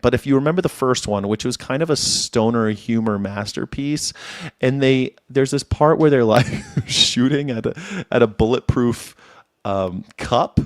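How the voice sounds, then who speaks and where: A man's voice: medium pitch, dry recording. Man, live-stream host, casual rambling chat, swears and laughs a lot, dry close sound. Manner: rambling, profane, laughs often.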